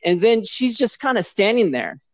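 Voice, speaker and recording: A man's voice: sits high, normal speed. A man who performs as a sports mascot, telling a story in casual chat and animatedly acting out other people's lines. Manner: animated, acts out others' voices in quotes.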